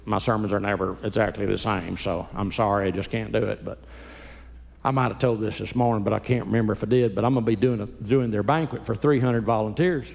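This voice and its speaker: A man's voice: lowish voice, steady tone, fast talker, creaky, darkish tone. A man telling folksy jokes and stories to a church audience in a chuckling, stop-start way. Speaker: Christian comedian and speaker. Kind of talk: live stand-up storytelling. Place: church sanctuary, live audience. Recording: echoey hall, live show.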